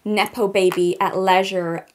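A woman's voice: medium pitch, steady tone, unhurried, very noisy, close to an everyday voice. A woman putting on a put-on American accent to play a vapid, self-pitying rich young female model, drawling with lots of likes and ums. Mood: airy.

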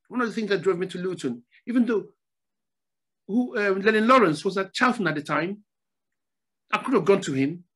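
An older man from Nigeria, a former footballer, telling stories as a podcast guest in a relaxed chat, often repeating his phrases. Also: high-pitched. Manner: repeats phrases, animated storytelling. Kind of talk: casual storytelling interview.

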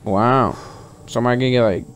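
A man's voice: medium pitch, a little fast. A young man casually commentating a video game he is playing, joking and swearing as he reacts. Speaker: gaming YouTuber. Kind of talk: casual let's-play commentary.

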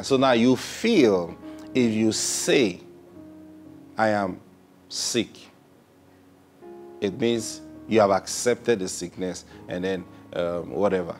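A man preaching a sermon, opening with prayer and acting out little dialogues, swinging from soft to loud. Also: lowish voice, slow, long pauses, soft background music.

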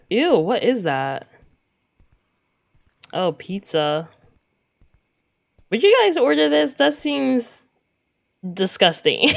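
Giggly girl doing a let's play, kinda high voice, takes her time talking. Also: creaky. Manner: giggly, breaks into laughter, exclaims in disgust. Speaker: gaming video creator.

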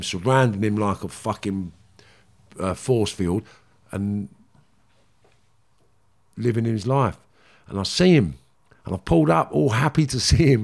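A man's voice: mid-range voice, gravelly. A middle-aged man with a London accent, a former gangster speaking as an interview guest, blunt, emotional and swearing freely as he tells his story.

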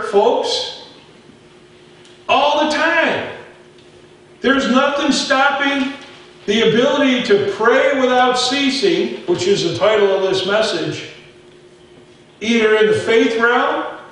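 A man's voice: very high-pitched, a bit bright, very echoey, far from the mic, low-quality recording. A man preaching a sermon as pastor, telling stories in a folksy way and talking straight to his folks in the pews. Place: church sanctuary.

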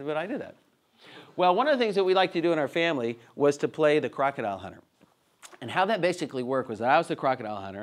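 A man in his thirties teaching students in a classroom, telling playful family stories and acting them out. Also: medium pitch. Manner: playful, acts out voices and gestures. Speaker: speaker teaching a college-prep session.

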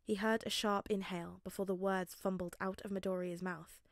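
Woman narrator for a fanfic audiobook, steady mid voice, gentle pacing, dry close recording. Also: medium pitch, dry recording. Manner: gentle, measured reading. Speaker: podfic reader.

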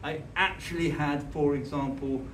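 Male church speaker, slightly raised pitch, earnest and halting, recorded from afar in a reverberant hall. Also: fairly even intonation, fairly bright tone. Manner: earnest, halting, with frequent restarts. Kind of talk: conversational sermon with personal storytelling. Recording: echoey hall, distant mic, faint hiss.

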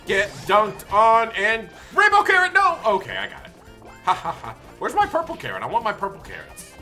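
Excitable young man yelling over gameplay. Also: high voice, normal speed, soft background music. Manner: excitable, yelps and shouts at the game. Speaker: gaming video host. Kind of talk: gameplay commentary.

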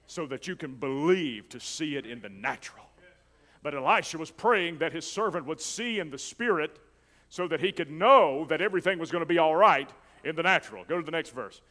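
Male pastor, fairly high voice, impassioned sermon, long church reverb. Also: sharp tone. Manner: preaching with rising intensity, calls to the congregation. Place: church sanctuary.

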